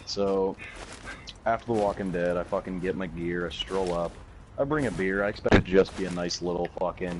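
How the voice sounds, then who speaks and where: Brief: young Canadian man, lowish voice, laid-back cursing storyteller, loud noise in the recording. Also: steady tone, fairly quick. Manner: profane, rambling, laid-back. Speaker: YouTuber. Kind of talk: casual storytelling.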